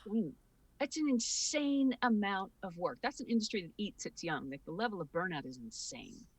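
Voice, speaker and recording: A woman's voice: mid-range voice, fairly quick, breathy edge, no echo. Candid woman voice actor, distant mic. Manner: candid, animated, laughs often. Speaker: voice actor on a panel. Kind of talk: casual panel talk. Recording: dry sound from a distant mic.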